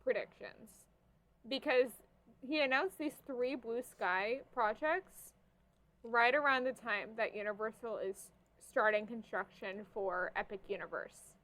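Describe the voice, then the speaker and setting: A young woman with a somewhat high voice co-hosts a casual podcast. She talks in a chatty, animated way, peppered with fillers. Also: measured pace. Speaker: podcast co-host. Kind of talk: casual chat.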